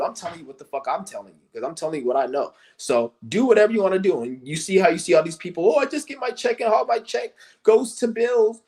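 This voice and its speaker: A man streaming a furious, cursing rant who mocks the people he criticizes in shrill put-on voices. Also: darkish tone. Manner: angry, cursing, mocking; breaks into high mocking impressions of others. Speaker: livestream host. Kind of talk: profane rant to camera.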